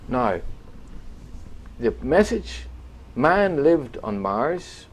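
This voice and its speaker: A man's voice: medium pitch, very animated, extremely slow. A man, a radio guest, telling a rambling anecdote full of quoted voices. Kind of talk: storytelling in a radio chat.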